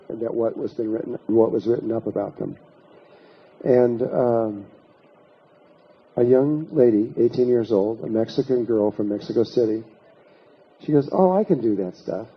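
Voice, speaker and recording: A man gives a spiritual lecture to an audience, telling a long anecdote in a rambling way with many restarts and repetitions. His medium-pitched voice is creaky and husky, and the highs are cut off.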